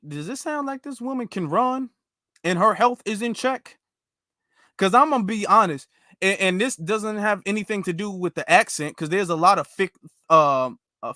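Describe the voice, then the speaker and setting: High, bright-voiced man ranting. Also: no room sound, clean studio sound. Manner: rambling, with many fillers and restarts; rhetorical questions, emphatic. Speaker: commentary host. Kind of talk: reacting to clips, casual commentary.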